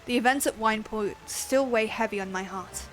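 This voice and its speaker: Earnest warrior of a shunned people, voiced plainly by a woman streamer, slightly high, over soft game music. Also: a little fast, natural voice, poor audio. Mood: solemn. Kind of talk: reading game dialogue aloud.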